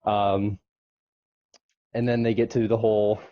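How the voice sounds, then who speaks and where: The audio is muffled, and this male podcast co-host keeps a flat delivery and measured pace while loosely recapping an episode. His talk wanders and is packed with fillers, and he jumps to a squeaky falsetto to quote characters.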